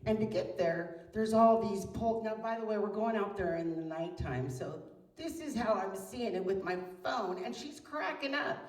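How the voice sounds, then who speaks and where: A woman in her fifties, a mother, telling a comic story with animated, exaggerated delivery that swings between hushed and loud. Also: mid-range voice, moderate pace. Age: 50s. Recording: roomy echo, mic far off.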